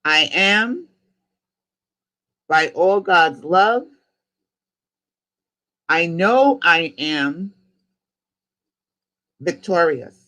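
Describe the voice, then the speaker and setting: A man from New York with a New York accent, a spiritual coach leading listeners through slow, rhythmic chanted decrees for them to repeat. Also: fairly high pitch, lively intonation, bright, forceful tone.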